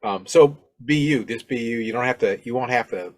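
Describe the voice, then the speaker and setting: A middle-aged man from Alabama hosts his own solo podcast, talking casually and rambling with plenty of fillers and restarts. His voice is mid-range and brisk.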